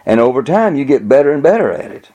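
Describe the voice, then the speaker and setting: A man preaching a sermon, telling illustrations with halting restarts and raising his pitch to act out quoted voices. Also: sing-song, mellow.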